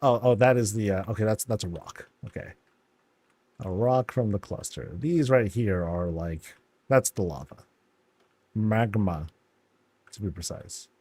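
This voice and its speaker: A man giving laid-back, amused commentary while touring houses in a video game, often laughing and putting on quick silly voices. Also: lowish voice, mellow, breathy edge, dry recording. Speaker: streamer touring player housing in a game.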